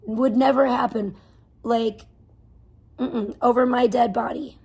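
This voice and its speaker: High-voiced woman ranting on a livestream. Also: fairly even intonation, slow, a little mellow, slightly rough. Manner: profane, venting, rambling. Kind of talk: angry livestream rant. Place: home.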